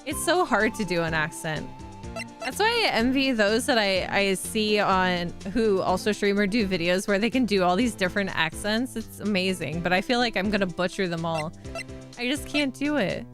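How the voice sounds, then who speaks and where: A woman streaming a game, chatty and self-deprecating, thinking out loud as she plays. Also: medium pitch, animated, normal speed. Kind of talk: casual game stream commentary. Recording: game music behind voice.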